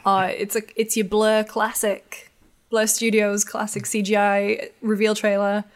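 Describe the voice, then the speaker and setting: A woman's voice: medium pitch, monotone, measured pace. A woman from Newcastle in northern England with a mixed English accent that has picked up American traces, co-hosting a casual podcast chat in a chatty, self-deprecating way. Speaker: podcast co-host.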